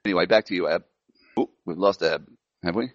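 A man's voice: sits low, a little fast, no room sound, lo-fi sound. A man hosting a casual online chat show, talking in a rambling way and laughing often. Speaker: host.

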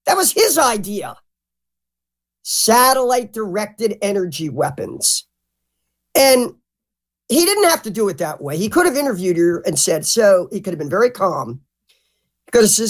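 A woman speaking as a guest in a loose, casual interview. She is blunt and salty with her words, and her pitch jumps around a lot in an animated, expressive way. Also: normal speed, long pauses. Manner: blunt and profane; animated, mimics others. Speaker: podcast guest.

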